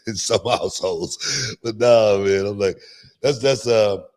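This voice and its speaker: A man's voice: lowish voice, a little slow, a little mellow. A middle-aged man hosting a podcast, telling stories in a laid-back, repetitive way and laughing often. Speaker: podcast host and wrestling promoter. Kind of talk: casual podcast storytelling. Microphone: podcast microphone, remote stream.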